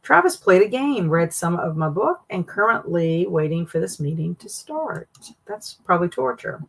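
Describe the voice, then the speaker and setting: A woman hosting a casual reading livestream, chatting with viewers and reading their comments aloud, jumping up high for excited greetings. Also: normal speed, creaky, husky. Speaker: livestream host.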